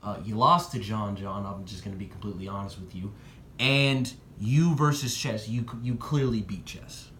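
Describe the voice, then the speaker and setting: A young man in a casual vlog giving excited predictions and talking straight to the people he discusses. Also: moderate pace, roomy sound, a little hiss or hum. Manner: excitable, talks straight to the rappers, jumps in pitch. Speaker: battle rap commentator.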